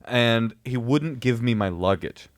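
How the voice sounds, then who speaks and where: A man's voice: medium pitch, unhurried, no echo, clean studio sound. A comedian in his thirties telling a story in casual chat, acting out the other people's lines in put-on voices. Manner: animated, acts out quotes in other voices.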